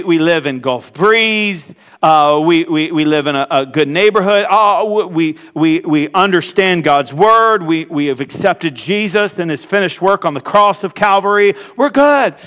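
A man preaching a sermon as pastor, with pauses and frequent restarts. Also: high voice, fairly bright tone, big-room sound. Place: church sanctuary.

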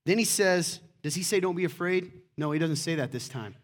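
Animated preaching man. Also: a little high, brisk, slight background noise. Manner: animated preaching, acts out quoted voices. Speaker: pastor. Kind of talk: sermon.

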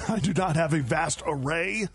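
A man's voice: on the high side, measured pace, husky, faint music behind. A man hosting a radio morning show, chatting in a playful, self-deprecating way. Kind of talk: casual chat.

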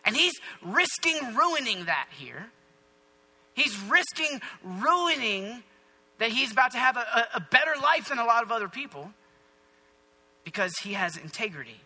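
A male pastor preaching a sermon as lively, conversational storytelling in a church hall. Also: sits high.

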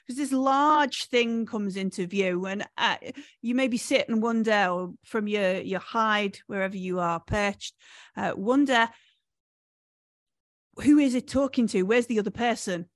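A woman's voice: mid-range voice, unhurried, no echo. Woman game master, hesitant delivery, dry close sound. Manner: hesitant, many fillers and restarts. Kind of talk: narrating a tabletop game.

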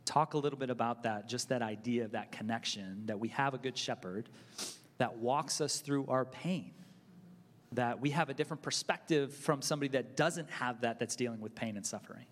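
A man who is a pastor, asking questions in an animated, preacherly way during a church interview. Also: mid-range voice, fairly quick. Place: church auditorium. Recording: hall with long reverb.

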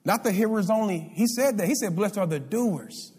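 A man's voice: sits high, expressive, moderate pace, a little mellow, husky. A male pastor preaching a sermon, calling out for responses from the congregation. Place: church sanctuary. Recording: live hall reverb.

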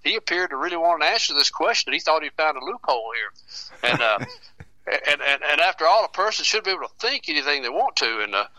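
A man's voice: on the high side, big pitch swings, pushed and bright, no echo, poor audio. A man telling a folksy tale as a radio guest, chuckling and restarting as he goes. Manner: chuckles through his tales, halting repeats. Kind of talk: folksy storytelling.

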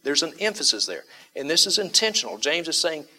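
A male pastor delivering a sermon in a bright, forward voice. He presses his points with emphatic repetition and throws rhetorical questions out to his listeners. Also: a little high, very animated, fairly quick. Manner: emphatic, repeats key phrases for stress; asks the congregation rhetorical questions.

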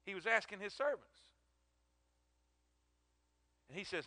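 Preacher guy, high voice, emotional, repeats himself a lot, dry sound. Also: expressive, unhurried, pauses often, sharp tone, dry recording. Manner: emphatic, repetitive, emotional. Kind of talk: sermon.

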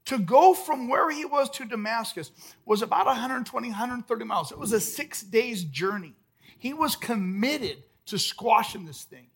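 Male pastor, sermon, very high pitch, husky tone, emphatic, loud-to-hushed swings. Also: lively intonation, moderate pace. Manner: emphatic preaching, swinging from loud outbursts to soft, hushed lines. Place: church service.

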